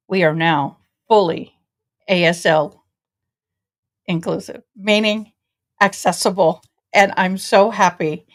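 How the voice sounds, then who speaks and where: A woman's voice: medium pitch, animated, slow, a bit bright. A woman hosting a casual livestream, bubbly and effusive, greeting viewers as y'all. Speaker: host of a legal news channel.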